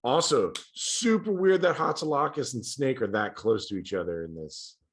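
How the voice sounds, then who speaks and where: A man's voice: medium pitch, lively intonation, normal speed. A man co-hosting a podcast, chatting casually with a wry, joking manner. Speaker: podcast co-host. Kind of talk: casual chat.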